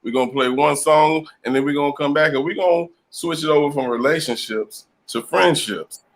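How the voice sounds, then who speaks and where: Relaxed slangy male talk host. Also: on the high side, fairly quick. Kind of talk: hosting a casual panel talk.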